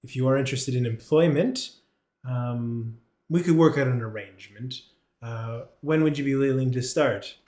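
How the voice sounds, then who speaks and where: A man voicing a seductive, scheming woman who runs a brothel, speaking in a smooth, suggestive, businesslike way, recorded in a roomy echo. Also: mid-range voice, normal speed, a little mellow, lightly acted. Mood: sultry.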